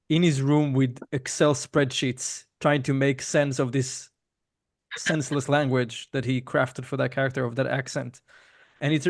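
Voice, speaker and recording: A man co-hosting a podcast in casual chat, animated and joking as he tells a story. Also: a little high, no room sound, clean studio sound. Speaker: podcast co-host.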